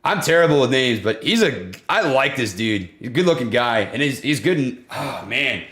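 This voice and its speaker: A man hosting a live stream about stocks, chatting casually and excitably with viewers and breaking down price charts. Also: mid-range voice, normal speed. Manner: excitable, easygoing, laughs often, slangy. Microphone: desk condenser microphone.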